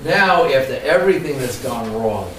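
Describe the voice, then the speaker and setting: A man's voice: mid-range voice, moderate pace, slight background noise. A man giving a training workshop lecture to a live audience, telling stories and asking the room questions. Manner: animated storyteller, asks the audience questions. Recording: echoey room, mic from far off.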